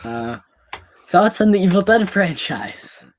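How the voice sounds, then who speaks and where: A young man hosts a casual interview chat. He gives his opinions flatly and bluntly, then jumps in with quick follow-up questions. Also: sits high, slight background noise. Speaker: host, interviewer.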